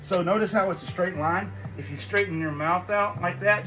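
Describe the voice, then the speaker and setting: A man giving a quick language lesson, reassuring and encouraging as he explains. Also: high-pitched, poor audio. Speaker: language teacher. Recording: music playing behind.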